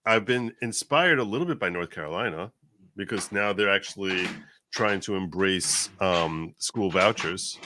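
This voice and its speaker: Bright-voiced man rambling in chat. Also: low-pitched, moderate pace. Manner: animated, rambling, many restarts. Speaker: guest commentator. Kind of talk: casual chat.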